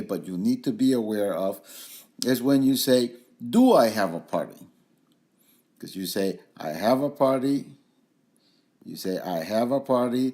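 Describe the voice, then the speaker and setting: A man walks learners through a grammar point. He talks in a relaxed instructional way, pausing on fillers and repeating example phrases slowly. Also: on the low side. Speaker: language trainer. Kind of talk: instructional explanation.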